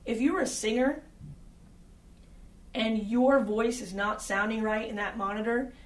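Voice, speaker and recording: A woman's voice: on the high side, reverberant. Woman explaining sound from a distant mic. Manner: direct, conversational with frequent fillers. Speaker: audio engineer. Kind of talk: instructional talk.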